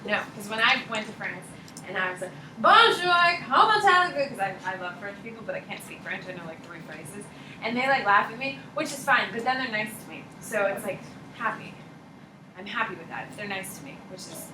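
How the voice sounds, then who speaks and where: A woman teacher giving a jokey, animated classroom lecture to her students. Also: medium pitch. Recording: echoey classroom with background noise.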